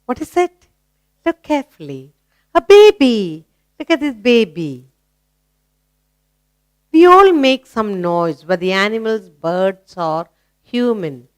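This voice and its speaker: A woman with an Indian English accent teaching a children's English lesson, asking simple questions and praising answers in a slow, encouraging sing-song. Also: on the high side, big pitch swings, clean tone.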